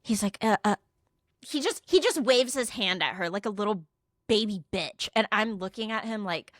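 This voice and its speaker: A woman's voice: medium pitch, animated, moderate pace, no echo, studio quality. A young adult woman co-hosting a podcast, casually telling a story, acting out quotes and swearing freely. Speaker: podcast co-host.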